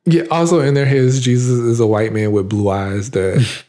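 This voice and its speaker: Male co-host, mid pitch, sassy and exasperated, punchy asides. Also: fairly even intonation, normal speed, warm tone. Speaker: podcast co-host. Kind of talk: casual podcast chat.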